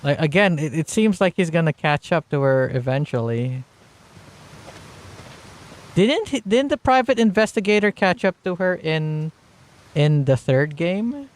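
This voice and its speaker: Guy streaming a game, rambly, lots of like and um, kinda high voice. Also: expressive, unhurried. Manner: rambling, lots of fillers and restarts; reads on-screen text aloud. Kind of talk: casual live-stream commentary.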